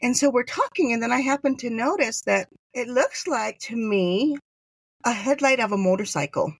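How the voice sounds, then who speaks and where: A woman's voice: fairly high pitch, lively intonation, normal speed, creaky, breathy edge, dry recording. Chatty woman telling a story, dry sound. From Hawaii. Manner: chatty, acts out quoted dialogue. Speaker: podcast guest. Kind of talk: casual interview storytelling.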